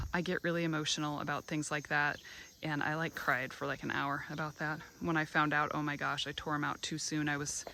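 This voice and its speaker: A woman with a somewhat low voice strolls through her garden outdoors, talking casually and gushing about each flower. She sounds a little tired and short of breath, and the recording carries a faint evening hum of crickets. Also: little pitch movement, moderate pace, sharp tone. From American Midwest. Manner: chatty, gushing about flowers, many ums. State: tired after a long drive, a bit out of breath. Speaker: garden vlogger.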